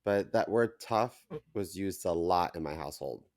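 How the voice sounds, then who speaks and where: A man's voice: low voice, normal speed, darkish tone, no room sound. A man co-hosting a comedy podcast, trading dry, teasing banter. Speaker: podcast co-host. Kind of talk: casual comedic chat.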